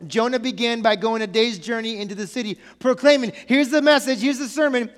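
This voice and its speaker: High-voiced pastor preaching in an echoey hall. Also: male voice, a little fast, few pauses. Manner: animated and conversational, with joking asides. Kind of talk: sermon. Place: church.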